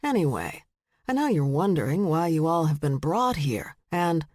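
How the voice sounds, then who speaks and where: A woman's voice: sits low, big pitch swings, normal speed, darkish tone, no echo, studio quality. A woman narrator voicing a composed young male lion shifter, speaking in a patient, formal way.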